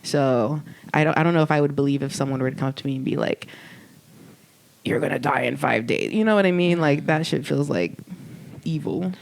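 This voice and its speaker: A woman's voice: low voice, brisk, creaky. A young woman co-hosting a podcast, telling stories in casual chat and filling her talk with "like". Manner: chatty storytelling, quoting others, frequent "like". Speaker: podcast co-host.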